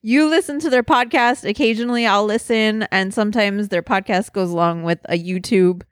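A woman's voice: mid-range voice, fairly quick, dry recording. A woman co-hosting a casual podcast, giggly and teasing, saying "like" often, on a close mic. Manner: giggly, teasing, uses "like" a lot. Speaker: podcast co-host. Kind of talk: casual chat.

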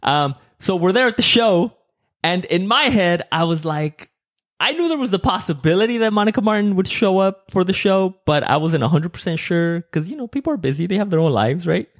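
A man's voice: high voice, expressive, brisk. A man telling a story in a casual chat with his wife, full of fillers and swearing. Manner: swears a lot, many fillers.

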